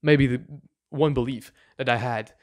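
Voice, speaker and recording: A man's voice: medium pitch, fairly even intonation, normal speed. A man giving a motivational self-help lesson to camera, speaking earnestly and informally with frequent restarts and "right?" asides. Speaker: mindset coach.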